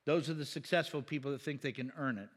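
Chatty preacher in a reverberant hall. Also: male voice, medium pitch, fast. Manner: conversational, joking preaching with asides and chuckles. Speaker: pastor. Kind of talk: sermon.

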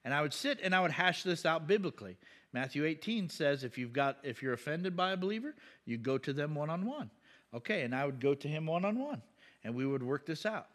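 A man preaching a conversational sermon, asking the congregation questions and breaking into loud, emphatic bursts. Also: on the high side, lively intonation, a little fast. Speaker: pastor.

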